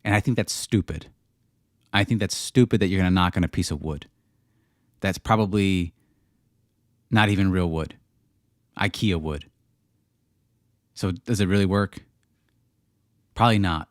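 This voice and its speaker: A man with a fairly low voice answers viewers on a casual livestream. He rambles and slides into rants, restarting his sentences as he goes. The sound is dry and close. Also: measured pace, pauses often, no room sound. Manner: rambling, ranting, frequent restarts. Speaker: livestream host answering chat.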